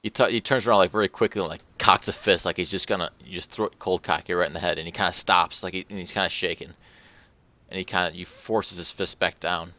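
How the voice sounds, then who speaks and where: A man's voice: low-pitched, fairly even intonation, fast, sharp tone, dry recording. A man narrating as game master in a tabletop role-play session, rambling with many filler words. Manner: rambling, filler-heavy, with many "you know"s.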